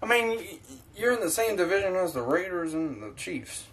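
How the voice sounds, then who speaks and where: A man's voice: high voice, sing-song, fairly quick, a bit bright. A man ranting in a profane, self-mocking sports vlog, talking to his own camera at home. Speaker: sports vlogger.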